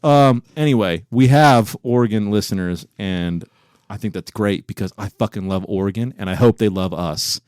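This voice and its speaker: A man co-hosting a casual podcast from a home recording room, cursing freely and breaking into loud disbelief. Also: on the low side, moderate pace, clear, resonant tone, dry recording, clean studio sound. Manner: profane, incredulous, loud bursts of disbelief. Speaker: podcast co-host. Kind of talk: casual banter.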